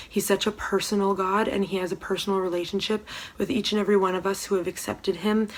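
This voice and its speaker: A young woman giving a casual devotional talk from home, soft-spoken and hesitant, with many pauses and ums. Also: medium pitch, level tone. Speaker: church devotional speaker. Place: room at home.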